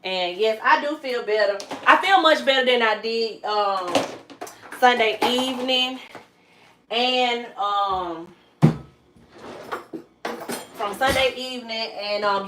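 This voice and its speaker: Chatty Georgia mom in echoey kitchen. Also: female voice, mid-range voice, a little slow. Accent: Southern US, Georgia. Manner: chatty, relaxed, drawling Southern speech. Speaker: vlogger and mother. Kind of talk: casual live-stream chat with viewers. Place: kitchen at home. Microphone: phone on a tripod. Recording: echoey kitchen, faint noise.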